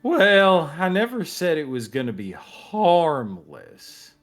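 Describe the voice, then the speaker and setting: A man's voice: on the high side, huge pitch swings, slow pace, fairly bright tone, faint music behind, voice pushed up, full character voice. A man voicing Thorn, an earnest male cactus guide with a drawling country manner. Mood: folksy. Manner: drawling country talk, y'all-style folksiness.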